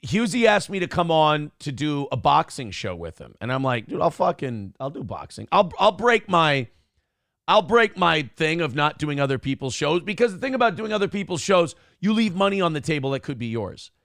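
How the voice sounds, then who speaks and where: Brash, gravelly-voiced male show host. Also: a little high, sing-song, normal speed, a bit bright, dry recording, studio quality. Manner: brash, profane, boastful storytelling. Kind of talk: casual talk show rant.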